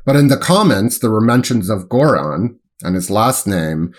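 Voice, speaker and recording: Male co-host, lowish voice, halting casual talk full of ums. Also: animated. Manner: halting, hesitant, lots of ums and self-corrections. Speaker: podcast co-host and sports writer. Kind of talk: casual chat.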